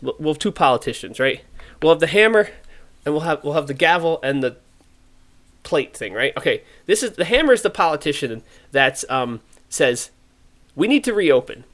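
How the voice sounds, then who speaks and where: A man hosting a podcast, talking in an animated, ranting way and acting out the voices he quotes. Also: fairly high pitch, moderate pace. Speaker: podcast host. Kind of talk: casual podcast opinion talk.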